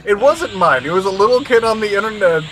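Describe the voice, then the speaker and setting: A man's voice: sits high, expressive, fast talker, a bit bright, soft background music. A man co-commentating a computer fight in casual chat, self-mocking and telling jokey stories.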